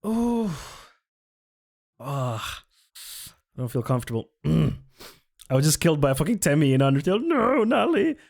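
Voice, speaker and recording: A man's voice: fairly high pitch, sing-song, measured pace, pauses often. A man streaming live, reacting to a video with incredulous, laughing commentary. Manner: incredulous, laughing between remarks.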